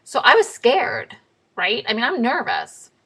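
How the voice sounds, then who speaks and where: A woman tells a story to camera in a casual vlog. She is blunt and swears freely. Her delivery is animated, with a lot of back-and-forth. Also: on the high side, a little slow, breathy edge, low-quality recording. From New York. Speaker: vlogger.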